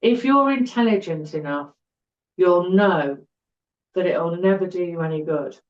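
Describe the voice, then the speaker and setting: A woman's voice: lowish voice, expressive, a little slow. A middle-aged woman, a podcast guest telling her personal story in an earnest way and repeating words for emphasis. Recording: roomy, dull-sounding recording.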